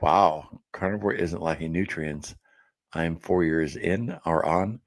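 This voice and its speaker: A man hosting a diet support live stream from his home office, chatting casually and reading viewer comments aloud with easygoing fillers and quick laughs. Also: deep voice, a bit bright.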